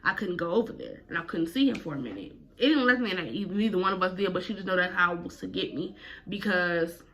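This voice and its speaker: A woman's voice: lowish voice, lively intonation, fast talker, a bit bright. A woman vlogger telling a personal story casually, full of slang and cursing. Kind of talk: storytime vlog.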